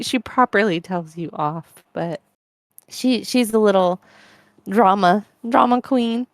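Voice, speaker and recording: A young woman co-hosting a podcast, chatting casually and telling a story with lively put-on voices and giggles. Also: medium pitch, slow pace, no echo. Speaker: podcast co-host. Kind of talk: casual chat.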